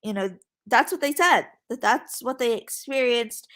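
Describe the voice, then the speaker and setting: A young woman reporter, a guest on a podcast, answering questions in a halting way with many fillers and restarts. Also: fairly high pitch, animated, fairly bright tone. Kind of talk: podcast interview.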